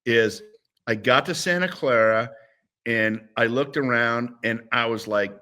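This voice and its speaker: A man's voice: medium pitch, a little slow. A man in his sixties, a former football player, telling stories as a guest in a casual interview. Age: 60s. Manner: animated, rambling with restarts.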